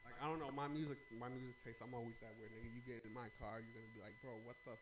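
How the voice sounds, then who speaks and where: A young man hosting a casual podcast chat, telling a story with lively energy and acting out arguments. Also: mid-range voice, racing, heavy background noise. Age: young adult. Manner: animated storyteller, acts out heated arguments loudly. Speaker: podcast host.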